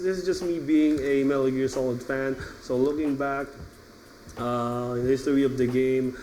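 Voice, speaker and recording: A man hosting his own channel, reviewing an artbook in a casual, halting ramble full of restarts, an earnest fan. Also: mid-range voice, a little mellow, slight background noise, rough recording. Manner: earnest fan, laughs now and then. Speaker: channel host. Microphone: top-down camera setup.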